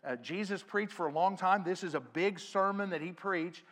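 Middle-aged male pastor, earnest sermon delivery, slightly high voice. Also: normal speed. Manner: earnest preaching, swells louder on scripture quotes. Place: church sanctuary.

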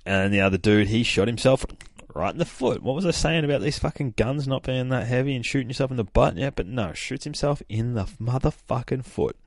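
A young man hosting a podcast, casually recapping a comic book with excitable, profane storytelling. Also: mid-range voice, fairly quick, no echo, studio quality. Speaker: podcast host.

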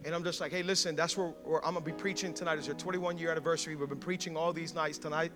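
A male pastor telling a story in a sermon, animated, acting out quotes and laughing often. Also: fairly high pitch, very fast, music in the background.

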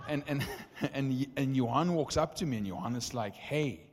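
A young man preaching a testimony sermon, telling stories with lively acted-out dialogue. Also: mid-range voice, moderate pace. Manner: animated, acts out dialogue in stories. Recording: long reverb of a hall.

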